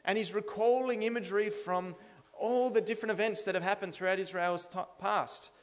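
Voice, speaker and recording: A man's voice: high-pitched, steady tone, fairly quick. A man preaching an expository sermon in a church, speaking earnestly and building to emphatic declarations. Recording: long reverb of a large hall.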